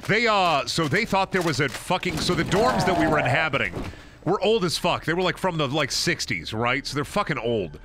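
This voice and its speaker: A man's voice: fairly high pitch, big pitch swings, moderate pace, sharp tone. A man streaming a game, rambling through stories in casual chat, swearing a lot and sounding exasperated. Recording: game music under the voice. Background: game music.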